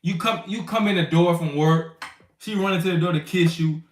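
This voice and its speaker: A man's voice: a little high, moderate pace. A man teaching scripture to the brothers in a loose, slangy, conversational way, acting out little scenes as he goes. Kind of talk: informal bible teaching. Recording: roomy sound from a distant mic.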